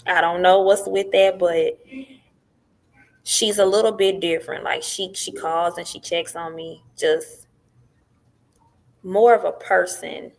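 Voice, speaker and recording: Lady, middle-aged, lowish voice w/ a gravelly edge, chatty storyteller on a podcast. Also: slow, pauses often. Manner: animated, acts out what others said. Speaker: podcast guest. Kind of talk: casual storytelling.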